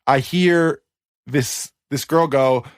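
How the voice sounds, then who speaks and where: A man in his thirties, a music producer guest, telling casual anecdotes on a podcast in an animated, chatty way with quick asides. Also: mid-range voice, smooth, no echo.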